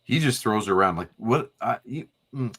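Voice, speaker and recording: A man's voice: on the low side, expressive, moderate pace, a bit bright, husky. A man co-hosting a comics livestream in casual chat, rambling and searching for words. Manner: rambling, hesitant, fillers. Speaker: livestream co-host.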